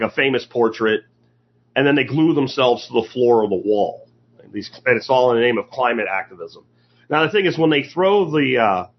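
A man hosting a podcast, giving a sarcastic, opinionated commentary monologue that rambles with restarts. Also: medium pitch. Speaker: podcast host. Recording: dull lo-fi recording.

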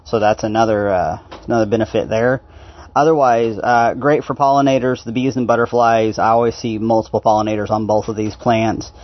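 A man giving a casual talk as a homesteading consultant, unhurried and pausing often with fillers. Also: on the low side, fairly even intonation. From Knoxville, Tennessee area. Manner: unhurried, with frequent "uh" pauses. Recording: dry, dull lo-fi sound.

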